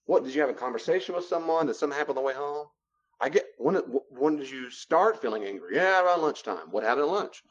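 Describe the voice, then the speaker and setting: A man's voice: fairly high pitch, lively intonation, fast. Guy teaching a class, chatty, repeats stuff, kinda muffled lo-fi audio. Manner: conversational, repeats phrases for emphasis. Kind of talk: classroom lecture with role-play.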